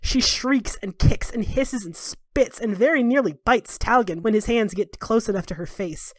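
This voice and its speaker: A woman's voice: a little high, moderate pace, no room sound, studio quality. A woman game master narrating a tabletop game casually, with plenty of fillers.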